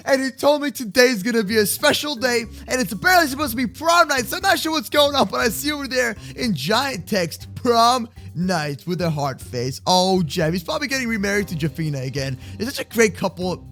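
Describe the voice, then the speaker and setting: A man hosting a playful game roleplay, excitable and slangy, often breaking into shouts. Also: very high voice, moderate pace, few pauses, faint music behind. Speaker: roleplay video host.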